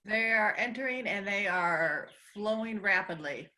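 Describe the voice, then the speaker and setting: A woman with a bright, forceful voice reads out the chat at a slow, deliberate pace. She works steadily through a list of words for the session. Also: medium pitch, expressive. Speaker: co-host reading the chat.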